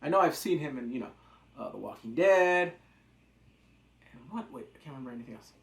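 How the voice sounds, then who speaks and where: A man casually recapping a TV episode, rambling and joking as he goes. His pitch swings widely as he talks. The voice carries a noticeable roomy echo. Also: lively intonation, brisk, vocal fry. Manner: rambling, jokey, acts out quotes. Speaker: TV episode reviewer.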